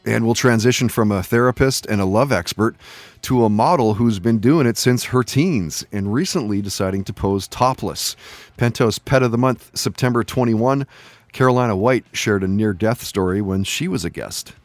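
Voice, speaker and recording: A man's voice: fairly low pitch, normal speed, no echo. A man hosting a podcast, reading plugs and introducing guests in an upbeat, conversational way. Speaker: podcast host.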